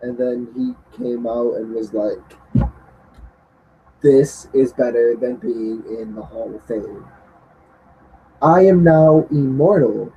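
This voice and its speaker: A man's voice: mid-range voice, little pitch movement, slow pace, warm tone, highs cut off, slight background noise. A man reviewing a wrestling show in casual chat, often acting out quotes in a mocking voice.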